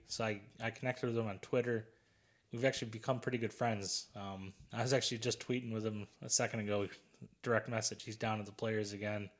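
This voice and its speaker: Low-voiced man telling a rambling story. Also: steady tone, a little fast. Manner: rambling storyteller who laughs often. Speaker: podcast co-host. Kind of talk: casual chat.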